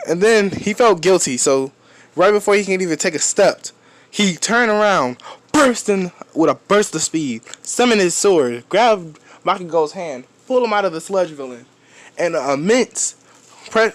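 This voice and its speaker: A man retells a fan story in a loose, rambling way, often backing up and restarting his sentences. He swears offhand, and his voice sits a touch high for a man. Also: expressive, measured pace, fairly bright tone.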